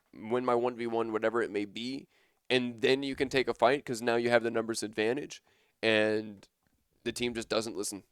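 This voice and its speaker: A man's voice: mid-range voice, clear, resonant tone, no echo, studio quality. A young man casting a college esports match live, chatting casually and rambling with enthusiasm. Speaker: esports caster.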